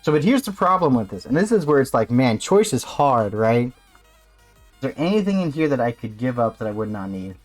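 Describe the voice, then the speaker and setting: Excitable man reacting live on stream. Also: medium pitch, fairly quick, faint music behind. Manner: excitable, swings into loud mock rants.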